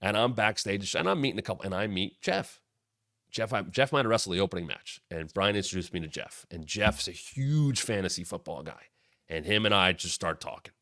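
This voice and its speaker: Forceful, animated storyteller man in his thirties. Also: deep voice, a little fast, no echo, clean studio sound. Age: 30s. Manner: animated, acts out quoted lines with sudden loud jumps; rambling, with frequent restarts and asides. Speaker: show host. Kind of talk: casual storytelling.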